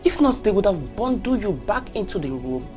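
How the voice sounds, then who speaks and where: A woman's voice: mid-range voice, very animated, moderate pace, over music, natural voice. An actress with a Nigerian accent playing a teasing, gossipy girlfriend with a mocking delivery. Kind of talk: film drama acting. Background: soft film score.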